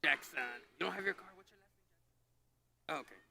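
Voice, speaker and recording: A man with a somewhat high voice talks casually with students, asking quick questions about how their names are said. He is friendly and brisk, and a steady noise sits under his voice. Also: gravelly. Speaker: name checker at a graduation. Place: graduation ceremony, near the stage.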